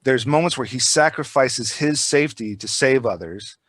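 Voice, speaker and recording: A man's voice: medium pitch, moderate pace, no echo. A man chatting casually on a podcast, telling rambling, profane stories with lots of energy. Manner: rambling, profane, animated storytelling.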